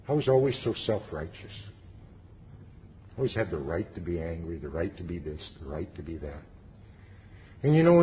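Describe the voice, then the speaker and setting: A middle-aged man with a fairly low voice tells his story to a meeting, earnest and plain-spoken, slipping in dry humor. The sound is dull and lo-fi, with a long echo from the hall and a faint hiss underneath. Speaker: recovery meeting speaker. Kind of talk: personal testimony talk.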